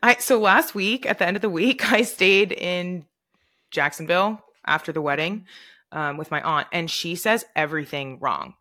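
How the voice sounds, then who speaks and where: Young woman podcast co-host, casual and animated, low-pitched voice with a bright edge, quick to laugh and jump in. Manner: animated, laughs often, jumps in with stories. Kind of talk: casual chat.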